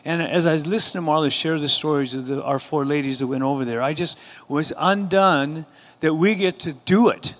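A man's voice: a little high, normal speed, a bit bright. A man pastoring his church, preaching a sermon and rising to emphatic call-and-response exhortations. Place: church sanctuary.

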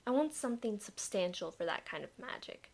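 A woman's voice: medium pitch, expressive, fairly quick, vocal fry. A woman voicing a small, mischievous female ice creature who speaks in a teasing, coaxing, often whispered voice. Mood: sly.

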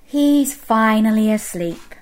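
A woman's voice: a little high, lively intonation, slow pace, a little hiss or hum. A woman reading a picture book aloud to young children, playful and encouraging, inviting them to join in with sounds. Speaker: children's storyteller.

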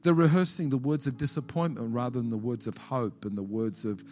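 A man's voice: mid-range voice, a little fast, warm tone, a little hiss or hum. A male pastor preaching a sermon in an auditorium, repeating key phrases and putting questions to the congregation.

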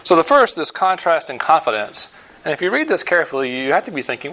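A man preaching a sermon in a conversational, explanatory way, often pausing with fillers and stressing key points. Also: on the high side, very animated, bright, forceful tone. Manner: emphatic, explaining scripture. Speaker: pastor.

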